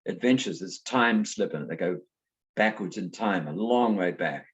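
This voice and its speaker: A middle-aged man from New Zealand, a guest author talking casually in an interview and telling lively anecdotes. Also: sits low, moderate pace. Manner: animated storyteller, acts out voices in anecdotes. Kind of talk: conversational interview.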